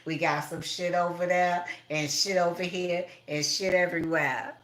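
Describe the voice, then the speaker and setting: A woman's voice: fairly low pitch, fairly even intonation, normal speed, a bit bright. A middle-aged woman, talking in a blunt, profane, rambling monologue with laughing asides. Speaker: tarot reader.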